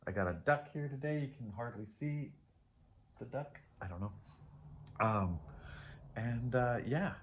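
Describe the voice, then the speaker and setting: A man hosting a casual tarot reading, rambling and reflective, often trailing off, questioning himself and laughing softly at himself. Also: fairly low pitch. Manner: candid and self-deprecating, with soft laughs. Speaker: tarot reader and channel host. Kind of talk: casual spiritual chat while reading tarot.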